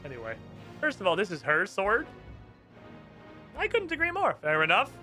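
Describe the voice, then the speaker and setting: Brief: fired-up male streamer, high bright voice, swears freely, game music in the background. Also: moderate pace. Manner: animated, profane, ranting. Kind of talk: casual live-stream commentary.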